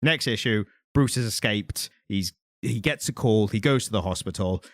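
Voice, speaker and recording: A man co-hosting a casual comics podcast, retelling plots in an animated, jokey way. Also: on the low side, normal speed, no room sound, clean studio sound. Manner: animated, jokey storytelling with restarts. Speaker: podcast co-host. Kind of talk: casual chat about comics.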